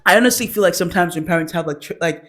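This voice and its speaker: A woman's voice: lowish voice, rapid-fire, a bit bright. A young woman telling stand-up stories, laughing often mid-sentence and acting out quotes. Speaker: stand-up comedian. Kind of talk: stand-up storytelling.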